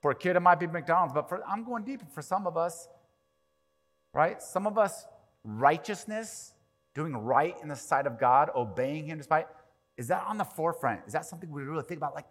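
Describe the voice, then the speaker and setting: A man preaching a sermon as pastor, animated, swinging from quiet to loud and acting out quoted prayers. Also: a little high, moderate pace. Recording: long reverb of a large hall.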